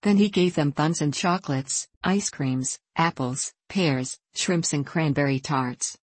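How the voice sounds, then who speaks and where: A woman narrating a children's story for an audiobook, in a measured storytelling manner. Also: deep voice, breathy edge, no echo.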